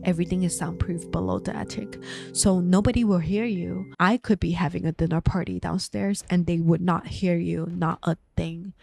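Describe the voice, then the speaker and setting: A woman voicing a calm, cruel, controlling husband who speaks quietly and flatly. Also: fairly low pitch, moderate pace, creaky, faint music behind. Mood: cold. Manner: quiet, flat, chillingly calm.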